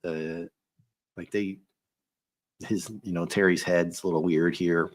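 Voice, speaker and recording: Casting: male comic show host, deep voice, dry close sound, playful, slips into goofy impressions. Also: measured pace, no room sound. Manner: animated, joking, drops into silly impressions. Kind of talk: casual chat.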